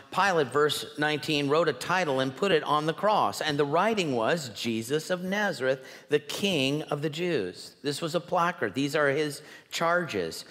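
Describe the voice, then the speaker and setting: A man delivers a sermon with earnest emphasis, leaning on key words and slowing to let them land. His voice sits in the middle range for a man. A long reverb trails behind him, as in a big church hall. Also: mid-range voice, fairly bright tone. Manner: earnest, emphatic preaching with slow stressed words. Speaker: pastor. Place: church sanctuary.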